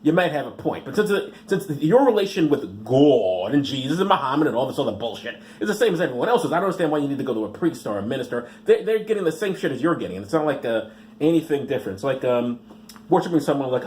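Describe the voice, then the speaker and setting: A sarcastic male podcast host reading the news aloud and riffing on it. His voice sits slightly high and moves a lot in pitch, and he often stumbles over words. A faint hiss runs under the recording. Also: very animated, fast talker, darkish tone.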